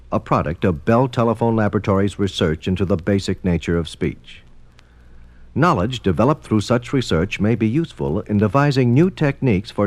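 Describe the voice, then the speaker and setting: A man's voice: lowish voice, a little mellow, no room sound. A man giving formal, explanatory scripted narration for a documentary.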